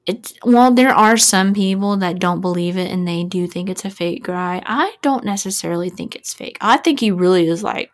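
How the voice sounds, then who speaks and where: A woman in her thirties hosts a casual true-crime podcast chat, talking loosely and dropping "like" and other fillers every few words. Her pitch is fairly low, her pace moderate, with few pauses.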